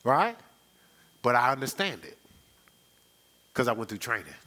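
Male pastor, bright tone, loose rhetorical sermon delivery with frequent call-outs. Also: medium pitch, wildly swooping pitch, measured pace. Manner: conversational, rhetorical, checks in with "right?". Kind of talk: live church sermon.

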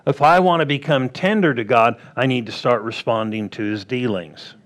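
A pastor preaching a sermon in a plain, conversational way, asking the crowd rhetorical questions and acting out what people and God might say. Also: male voice, mid-range voice, moderate pace.

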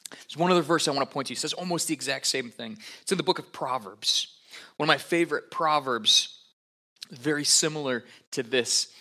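A man, a pastor, giving a relaxed, conversational sermon with frequent fillers and asides. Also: a little high, fairly quick.

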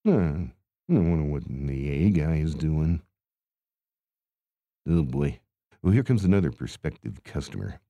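A man putting on a hapless carnival cotton candy vendor with an extremely deep, gravelly voice, mumbling and stammering through his shift between weary groans. The tone is dark and muffled, and the voice sits close and dry with no room sound at all. It plays as a mumbled, improvised character monologue. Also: expressive, unhurried, long pauses, dry recording, full character voice. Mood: grumbling.

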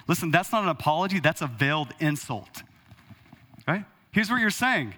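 Pastor guy preaching, bright edgy voice, pitched kinda high, big hall echo. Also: normal speed. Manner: animated, rhetorical, prompts the congregation. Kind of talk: sermon. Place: church hall. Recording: long hall reverb.

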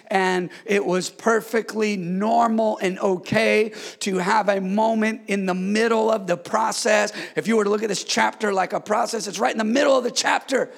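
Pastor, middle-aged man, gravelly and high-pitched, preaching in a church with long reverb. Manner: call-and-response preaching, swings from hushed to shouted. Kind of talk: sermon. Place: church sanctuary.

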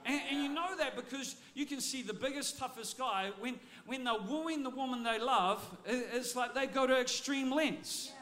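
A man preaching a sermon as a pastor, energetic and often repeating words as he restarts his phrases. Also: very high voice, moderate pace, few pauses.

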